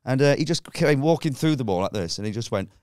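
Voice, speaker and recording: A man chatting as a comedian guest on a podcast, an animated storyteller who acts out scenes. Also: mid-range voice, fast talker, clear, resonant tone, no room sound, clean studio sound. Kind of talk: casual podcast chat.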